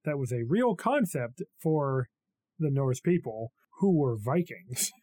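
A man's voice: mid-range voice, very animated, measured pace, dark tone. A man co-hosting a podcast in casual chat, with dry, sarcastic humor. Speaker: podcast co-host.

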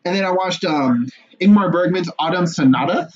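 A young man co-hosting a podcast in casual chat, animated and swearing a lot, laughing often. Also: sits high, moderate pace. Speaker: podcast co-host. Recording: muffled lo-fi audio with faint noise.

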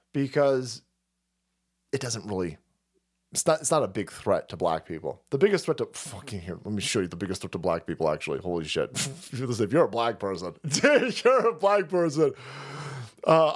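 Laughing often and swearing a lot, a man in his forties rants casually while hosting a livestream, with animated outbursts. He speaks at a moderate pace in a medium-pitched voice.

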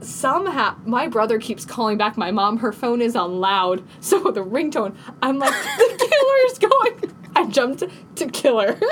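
A woman co-hosting a podcast, telling a story in casual chat, animated and laughing, acting out quotes in a high panicked voice. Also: moderate pace, few pauses, a little hiss or hum. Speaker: podcast co-host.

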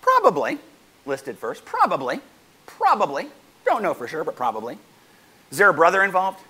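A man pastor preaching a sermon to his congregation, animated and joking with them as he goes. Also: high-pitched, normal speed, breathy edge.

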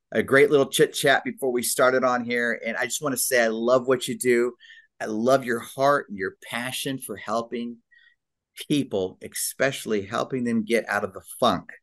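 A man's voice: medium pitch, a bit bright. A man hosting a health interview show, upbeat and enthusiastic, joking with his guest. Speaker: radio show host. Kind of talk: energetic podcast interview.

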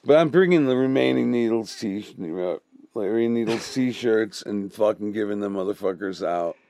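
Gravelly rambling man, dry close mic. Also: lowish voice, moderate pace, dark tone, no echo. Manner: profane, rambling, laughs often. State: high. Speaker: podcast co-host. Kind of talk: casual stoned banter.

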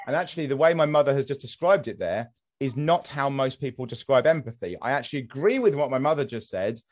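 A man's voice: mid-range voice, lively intonation, quick pace. A man in his thirties hosting a podcast, arguing his opinions with many restarts and repeated words. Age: 30s. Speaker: podcast host. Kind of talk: casual podcast discussion.

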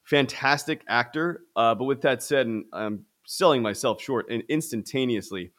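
A man's voice: medium pitch, normal speed, fairly bright tone. A man co-hosting a podcast, chatting casually about films, rambling with many restarts and bursts of enthusiasm. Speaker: podcast co-host. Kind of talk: casual film discussion.

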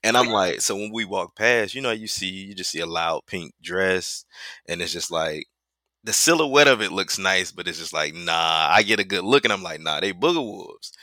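A man co-hosting a podcast, telling an animated story with laughter and mimicking other people's voices. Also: low voice, moderate pace, dry recording. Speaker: podcast co-host. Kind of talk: casual storytelling chat.

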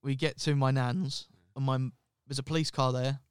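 A man's voice: medium pitch, little pitch movement, moderate pace, smooth, no room sound, clean studio sound. A young man telling a personal story candidly on a podcast, swearing freely and acting out what people said. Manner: candid, swears freely, acts out quoted dialogue. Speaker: podcast co-host. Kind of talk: casual storytelling chat.

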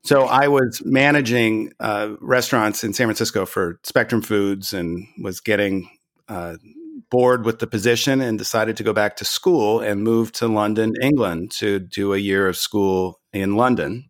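Low-voiced man telling a story. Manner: relaxed, measured storyteller with fillers. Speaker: podcast co-host. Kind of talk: casual storytelling chat.

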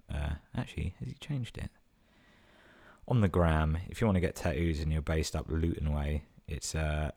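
Very deep-voiced young man. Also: darkish tone. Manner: swears a lot and says 'like' constantly. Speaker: vlogger telling stories. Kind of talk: casual storytelling.

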